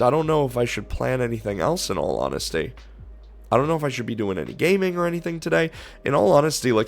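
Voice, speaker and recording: A man streaming, giving excited reaction commentary with loud gushing outbursts. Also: medium pitch.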